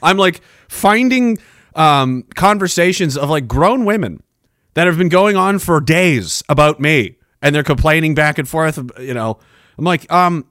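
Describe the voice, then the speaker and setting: A man's voice: fairly high pitch, animated, moderate pace, a bit bright, no room sound, studio quality. A middle-aged man, hosting a casual livestream, rambling and joking as he reads out chat messages. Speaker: livestream host. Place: home studio. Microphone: boom-arm studio mic.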